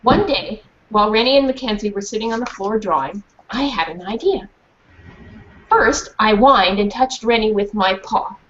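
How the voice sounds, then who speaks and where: A woman's voice: medium pitch, normal speed, fairly bright tone. A woman reading a children's storybook aloud in a classroom, stopping to ask the children questions and check that they understand. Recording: dull muffled recording with faint hiss.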